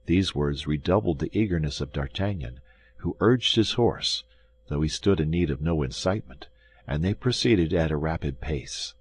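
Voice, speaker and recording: A man narrating an audiobook of a classic novel in a measured, dramatic way. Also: a bass voice, lively intonation, breathy edge.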